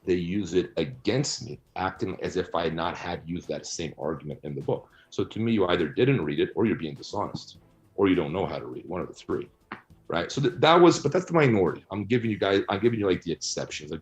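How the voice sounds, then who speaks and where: A man's voice: sits low, expressive, a little fast, highs cut off. A man interviewed about his book, answering bluntly and argumentatively, often tagging his points with "right?" and "you know". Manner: blunt, argumentative, rhetorical asides.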